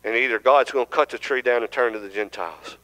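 Bright, clear-voiced preacher. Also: male voice, medium pitch, quick pace, poor audio. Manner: conversational teaching, asks the congregation questions. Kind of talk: sermon. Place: church sanctuary.

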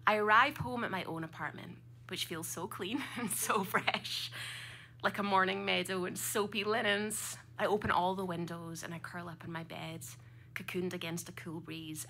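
A woman's voice: lowish voice, steady tone, normal speed, sharp tone, a little hiss or hum. A Scottish woman around thirty performing a personal story live on a club stage, with a vivid, comic, dramatic delivery. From Scotland.

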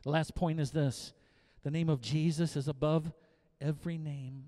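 A middle-aged male pastor preaching a sermon, swinging from quiet asides to loud, emphatic repetition. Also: on the high side, fairly even intonation, normal speed.

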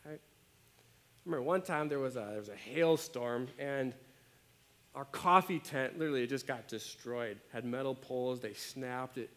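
A man preaching a sermon as pastor, conversational and animated, often checking in with his listeners. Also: medium pitch, normal speed. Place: church.

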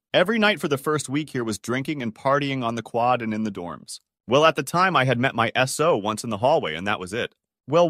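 A man reading out online stories in a lively scripted narration. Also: mid-range voice, dry recording, studio quality.

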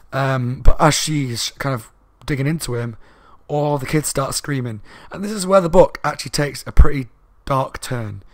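Fast, loud-talking man reviewing a book. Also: mid-range voice, no room sound. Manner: rambling, with fillers and asides. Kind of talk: casual spoken book review.

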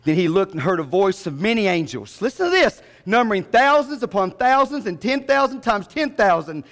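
A pastor preaches a sermon in a strikingly high voice. He swings from low murmurs to loud, ringing calls. His voice trails off into the long reverb of a church sanctuary. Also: sing-song, normal speed.

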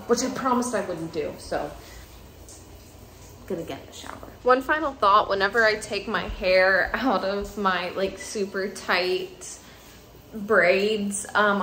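A woman's voice: medium pitch, pushed and bright. A young woman vlogging at home at night in casual chat, rambling and correcting herself. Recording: roomy with faint noise.

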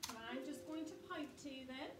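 A woman teaching a phonics lesson to young children, slow, sing-song and encouraging. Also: high-pitched, heavy background noise.

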